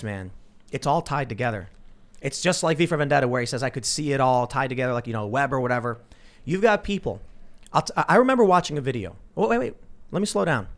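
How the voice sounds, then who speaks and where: A man hosting a political talk show, telling stories in an animated, self-interrupting way. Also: medium pitch. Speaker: podcast host.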